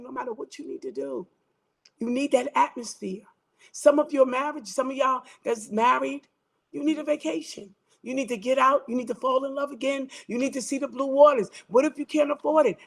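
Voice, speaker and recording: Exhorting woman pastor with drawl. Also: high voice. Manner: exhorting, repetitive, rhythmic declarations. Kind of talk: preaching talk and prayer.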